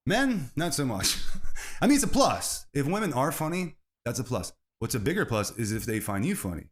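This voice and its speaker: Male comedy podcast host, solo rambling monologue, animated swoops in pitch. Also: normal speed. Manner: rambling, swerving into bits, laughs at own jokes.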